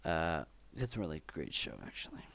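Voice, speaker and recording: A man's voice: sits low, big pitch swings, fairly quick, creaky, a bit bright, breathy edge. A man co-hosting a film podcast, talking in a loose, rambling way with many fillers. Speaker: podcast co-host. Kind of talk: casual chat.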